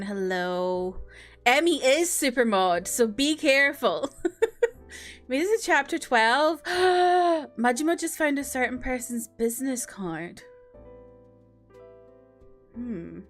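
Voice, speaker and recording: A woman's voice: fairly high pitch, slow pace, faint music behind. A woman streamer chatting casually with her viewers, greeting them by name between giggles and filler words. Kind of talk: casual live-stream chat.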